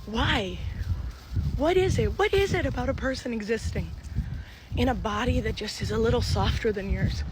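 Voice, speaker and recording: A woman's voice: a little high, noisy background. A woman venting hurt feelings in an emotional confessional vlog clip. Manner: hurt, venting, drawn-out delivery. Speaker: online creator.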